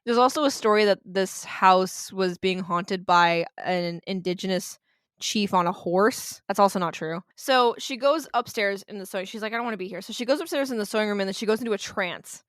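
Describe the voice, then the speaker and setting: Swearing and laughing, this woman co-hosts a podcast and recounts a haunting with blunt sarcasm as casual storytelling. She speaks a little fast in a medium-pitched, slightly bright voice; the recording is dry and studio quality.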